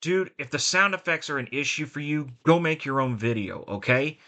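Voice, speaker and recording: A man's voice: fairly high pitch, expressive, normal speed, bright, forceful tone. A man talking frankly in a rambling vlog about his voice acting work. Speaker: voice actor and vlogger.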